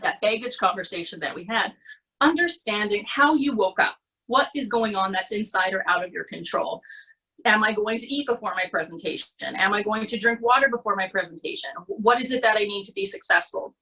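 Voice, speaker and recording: A Canadian woman leads an online presentation workshop from her computer mic. Her voice is bright and a little husky. She keeps things conversational and encouraging, stopping often to check in with "okay?". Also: mid-range voice, poor audio. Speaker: presentation skills coach. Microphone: computer mic on a video call.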